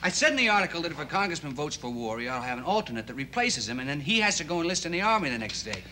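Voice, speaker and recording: A man's voice: a little high, sing-song, bright, forceful tone, slight background noise. A rambling idealistic teenage boy. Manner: halting and rambling, full of restarts. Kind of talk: 1960s TV drama acting.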